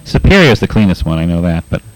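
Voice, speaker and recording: A low-voiced man with a Boston accent hosts a pirate radio show, reading listener letters in a loose, chatty way. He stumbles through with many uhs and laughs easily. The sound is close and dry. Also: big pitch swings, fast talker, no room sound, rough recording. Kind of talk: casual on-air chat reading listener letters.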